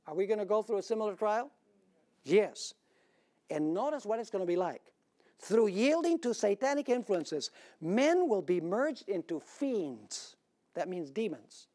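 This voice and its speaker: Male pastor preaching, emphatic, rhetorical questions, big swings in loudness. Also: high-pitched, big pitch swings, measured pace. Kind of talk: sermon.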